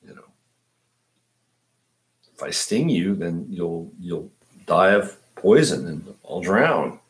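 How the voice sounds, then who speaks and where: A man voicing a scheming scorpion in a told fable, calmly reasoning to persuade. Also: deep voice, slow pace, voice pushed down, heavily acted. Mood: persuasive. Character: scheming scorpion, calm and sly.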